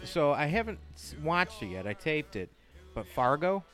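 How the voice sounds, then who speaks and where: A man co-hosting a casual podcast chat, joking in a wry, deadpan way. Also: a little high, normal speed, soft background music. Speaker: podcast co-host.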